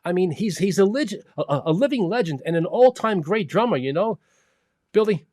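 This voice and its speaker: Male host, high-pitched, friendly and casual, dry close recording. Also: expressive, fairly quick, darkish tone, dry recording. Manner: friendly, calls guests bro. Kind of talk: live online show hosting.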